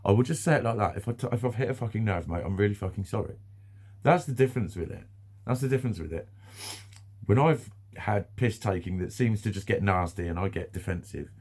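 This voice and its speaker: Low-ish british bloke ranting to camera, swears a lot, laughs a bit, says stuff twice. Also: male voice, a little mellow, husky. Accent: British English. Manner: sweary, blunt, repeats himself, laughs often. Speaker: vlogger. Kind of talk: casual ranting monologue.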